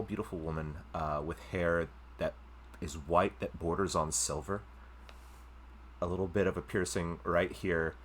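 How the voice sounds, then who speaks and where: Deep-voiced man narrating a tabletop game. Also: a little hiss or hum. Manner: descriptive, unhurried narration with fillers. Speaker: game master.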